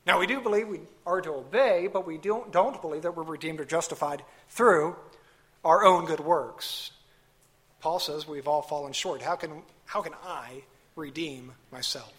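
A man's voice: fairly high pitch, moderate pace, fairly bright tone. A man preaching a sermon, emphatic, asking rhetorical questions and stressing key words. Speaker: pastor.

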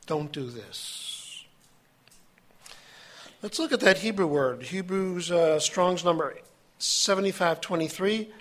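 A man preaching a sermon, reading scripture aloud with his own asides and halting now and then. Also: high voice, a bit bright. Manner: halting, with fillers and self-corrections.

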